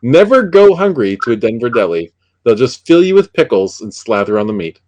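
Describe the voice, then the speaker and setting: Lively teasing male stream host. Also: mid-range voice, fairly quick, dry recording, muffled recording. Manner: teasing, reads out viewer comments in silly voices. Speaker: livestream host. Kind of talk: joking live chat.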